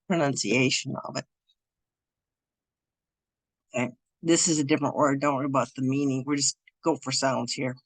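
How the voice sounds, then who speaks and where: A woman leads a beginners' lesson from her computer over Zoom, recorded dry and close with no room around her. Her speech is loose and halting, and she often stops and restarts mid-phrase. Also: extremely low pitch, fairly bright tone, no room sound. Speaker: Irish language teacher. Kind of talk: screen-share online lesson. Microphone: computer mic over Zoom.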